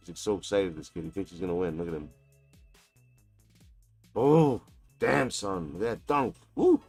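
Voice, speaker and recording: A man streaming a basketball video game, taunting and mocking his opponent with a profane, trash-talking manner. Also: low voice. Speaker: gaming streamer. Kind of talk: live gameplay trash talk.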